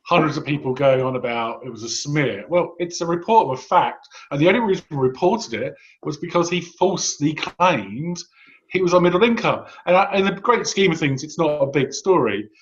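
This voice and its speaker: A man's voice: on the high side, expressive, normal speed, muffled recording. A man in his fifties, a guest commentator, talking in a wry, sardonic way with frequent restarts in casual political chat. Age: 50s.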